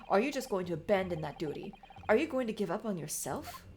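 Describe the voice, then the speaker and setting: A woman's voice: mid-range voice, very animated, fast talker, darkish tone, a little hiss or hum, close to an everyday voice. A woman voicing a stern, earnest male lawyer mentor. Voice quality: firm, earnest.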